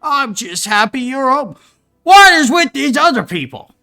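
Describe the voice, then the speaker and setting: A woman voicing a loud, flustered older half-elf dad. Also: high-pitched, very animated, measured pace, soft background music, voice pushed up, full character voice. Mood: baffled. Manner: loud, flustered, tripping over apologies.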